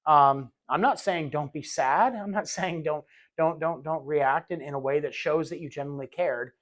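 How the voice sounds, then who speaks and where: A man with a slightly high, somewhat bright voice leads a recorded training lesson for healthcare aides at a moderate pace. He's casual and conversational, repeating words as he restarts sentences, and keeps acting out little scenes in quoted voices to make his points.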